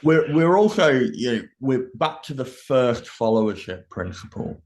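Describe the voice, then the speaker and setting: A man co-hosting a business podcast, explaining ideas in a measured way in a casual discussion. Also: mid-range voice, sing-song, darkish tone. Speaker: podcast co-host.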